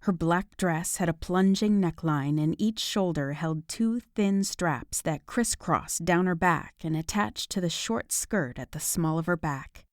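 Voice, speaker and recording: A woman narrating a romance audiobook in a measured, even reading. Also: on the low side, dry recording, clean studio sound. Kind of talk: scripted narration.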